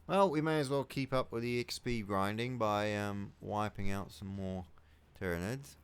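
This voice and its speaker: A man with a New Zealand accent giving casual commentary while playing a strategy game, muttering to himself and swearing loudly when things go wrong. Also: on the low side, fairly even intonation, normal speed, smooth. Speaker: video game let's player.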